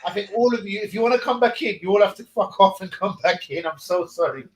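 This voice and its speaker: A man hosting a live stream, talking loudly and excitably and swearing a lot. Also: sits high, quick pace. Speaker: stream host. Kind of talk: casual live stream chat. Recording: roomy echoey room.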